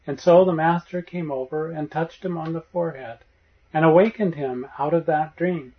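A man with a fairly high voice gives a meditation talk and tells a parable gently, lending the people in the tale their own voices. The recording sounds dull and lo-fi. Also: fairly even intonation, moderate pace. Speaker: spiritual teacher.

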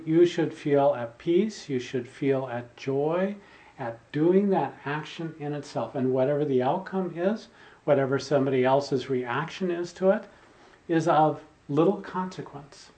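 A man's voice: medium pitch, warm tone. An older man, a spiritual teacher, giving an earnest sermon and repeating key phrases for emphasis.

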